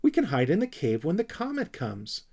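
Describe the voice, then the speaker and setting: A man voicing an eager, dreamy young male troll creature who talks with excitable enthusiasm. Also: a little high, moderate pace, gravelly, voice pushed up, exaggerated voice.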